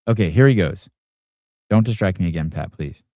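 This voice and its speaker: A man's voice: deep voice, lively intonation, normal speed, dark tone, dry recording, studio quality. A man hosting a show, giving casual reaction commentary in a combative, profane rant aimed at his audience and producer. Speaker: podcast host.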